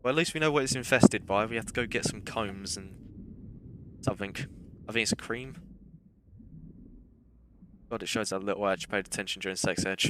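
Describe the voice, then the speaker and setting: Over a noisy background, a young man with a fairly low voice speaks fairly quickly but leaves long pauses. He's streaming a game and wandering through casual stories with self-deprecating humour, blending commentary on play with anecdotes.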